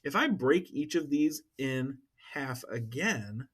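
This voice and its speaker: A man's voice: mid-range voice, big pitch swings, takes it slowly, hardly any pauses, fairly bright tone, breathy edge. A man teaching a math lesson, upbeat and chatty, checking in with students as he works through problems. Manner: upbeat, talks to students, checks with "all right?".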